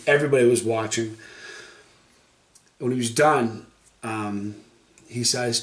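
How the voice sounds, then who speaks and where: A man's voice: medium pitch, reverberant. A man telling a personal story to camera in a casual, rambling way, often correcting himself mid-sentence. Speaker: hot sauce reviewer telling a personal story.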